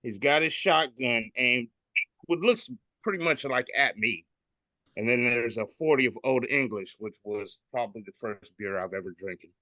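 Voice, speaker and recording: A man's voice: mid-range voice, lively intonation, moderate pace, bright, forceful tone, no room sound, highs cut off. A man hosting a casual podcast, describing memes in a joking, irreverent way over a video call. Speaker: podcast host.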